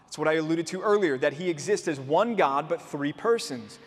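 High-voiced preacher in a reverberant hall. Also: male voice, fairly quick. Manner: earnest, explanatory, with rhetorical questions. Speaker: pastor. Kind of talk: sermon.

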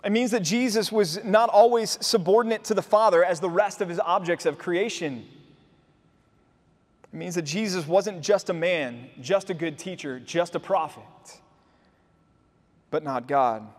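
A man's voice: high-pitched, unhurried. A man preaching a sermon as pastor, explaining earnestly and posing rhetorical questions to his listeners. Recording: long hall reverb.

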